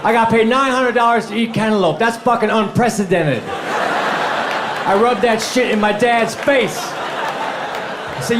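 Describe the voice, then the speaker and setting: A male stand-up comedian delivering deadpan one-liners in a high, drawling voice. He is recorded live on a club stage through a handheld mic. The room rings, and a laughing crowd and steady noise sit behind him. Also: takes it slowly, pauses often, reverberant.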